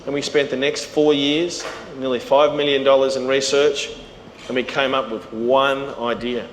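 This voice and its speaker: A man's voice: medium pitch, moderate pace. A middle-aged Australian man giving a storytelling business talk, acting out the voices of people he quotes. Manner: animated, acts out quoted voices. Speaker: keynote speaker. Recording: reverberant hall with faint noise.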